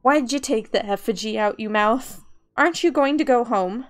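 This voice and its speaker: A woman voicing an angry young man who scolds loudly in a game reading. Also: a little high, normal speed, natural voice. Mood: angry scolding. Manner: shouting, reproachful.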